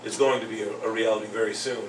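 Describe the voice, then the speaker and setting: A man's voice: lowish voice, rapid-fire. Man hosting a boxing show, roomy echo. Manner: animated storyteller, acts out quotes. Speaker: podcast host and second grade teacher. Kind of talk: casual boxing talk. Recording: roomy echo, far from the mic, faint noise.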